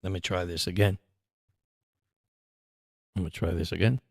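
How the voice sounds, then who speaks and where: A man's voice: sits low, steady tone, creaky, dry recording, clean studio sound. A man hosting a live sports stream, chatting casually and calling the plays as he watches. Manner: chatty, rambling, quick to laugh.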